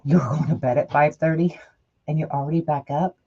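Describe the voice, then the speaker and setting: A woman's voice: low voice, a little fast, warm tone, husky. Woman, middle-aged, craft livestream host, chatty, thinks aloud, muffled lo-fi sound. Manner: chatty, talks to viewers by name, thinks aloud. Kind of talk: casual livestream chat while crafting.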